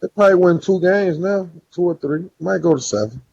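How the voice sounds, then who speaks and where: A man with a husky voice argues sports on a podcast, reeling off stats in relaxed slang. His mic sounds dry and a bit muffled. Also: high voice, brisk, no echo. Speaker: podcast co-host. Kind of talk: casual sports chat.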